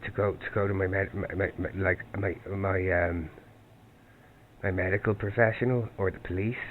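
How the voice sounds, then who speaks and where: Man, lowish voice, halting caller, restarts often; phone-line sound with faint hiss. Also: little pitch movement. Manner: halting, many restarts and repeated words. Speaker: caller seeking help. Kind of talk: telling his story on a phone call. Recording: tinny phone line, faint background noise.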